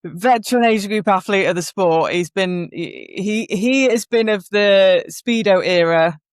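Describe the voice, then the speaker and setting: A woman's voice: mid-range voice, a little slow, smooth, no room sound, studio quality. A woman co-hosting a podcast who tells stories in an easygoing, curious way and thinks aloud as she goes. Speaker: podcast co-host. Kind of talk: casual chat.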